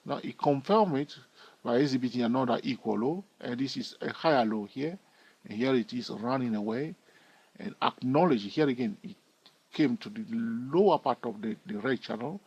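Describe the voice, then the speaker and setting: A man's voice: medium pitch, normal speed, a little mellow, breathy edge, muffled recording. A man giving a screen-recorded chart tutorial in a chatty way, thinking aloud and asking his viewers questions. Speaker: trading educator.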